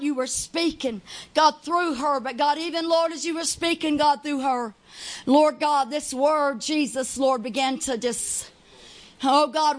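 Woman lay preacher, high voice, fervent shouted sermon with hallelujahs and "God, Lord" prayer cadence. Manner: prays with constant "God, Lord" interjections. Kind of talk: Pentecostal-style sermon and prayer.

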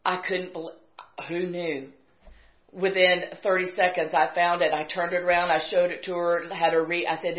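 A woman preaching a sermon, telling a personal story in a conversational way and building to fervent, shouted exhortation. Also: lowish voice, flat delivery, moderate pace. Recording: roomy, slightly muffled recording.

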